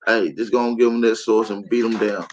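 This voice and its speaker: A man's voice: on the low side, fairly even intonation, a little fast, a little mellow, highs cut off, a little hiss or hum. A man hosting a livestream, talking casually in slang and speaking straight to his chat. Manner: laid-back slang, addresses the chat directly. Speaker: show host.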